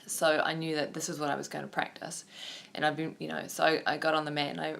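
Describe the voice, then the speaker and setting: A woman's voice: deep voice, little pitch movement, fast talker, creaky, fairly bright tone, a little hiss or hum. A woman, a yoga teacher talking openly and reflectively in a personal vlog, wandering with many fillers.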